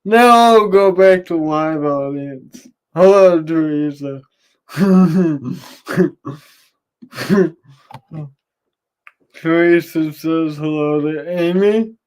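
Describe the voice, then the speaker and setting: A man's voice: fairly high pitch, very slow, long pauses, clean tone. A man hosting a Bible reading livestream, chatting casually and teasing his viewers in a sing-song way.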